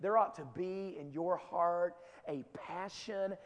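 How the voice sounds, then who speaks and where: Middle-aged male preacher, high voice, swings from hushed stories to shouting in a big church. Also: slow pace. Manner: builds from quiet storytelling to shouted exhortation. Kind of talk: sermon to young people. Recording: long hall reverb.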